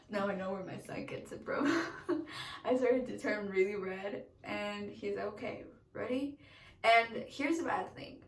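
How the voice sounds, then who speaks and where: A woman's voice: on the high side, distant mic. A young woman chattily telling her birth story as a vlog, acting out the quotes. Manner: chatty, animated, acts out quotes. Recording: echoey room, away from the mic.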